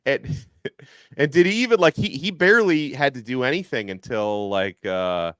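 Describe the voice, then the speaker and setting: A man's voice: mid-range voice, a bit bright, clean tone, no room sound. Man with a dry, close, stumbling delivery. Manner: quick, stumbling restarts, laughs easily. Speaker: podcast host. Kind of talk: casual sports chat.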